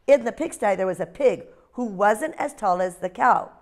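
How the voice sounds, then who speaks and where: A woman teacher leading a phonics lesson with young children and reading them a story in a slow, sing-song way. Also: medium pitch, expressive. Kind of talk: phonics lesson and read-aloud.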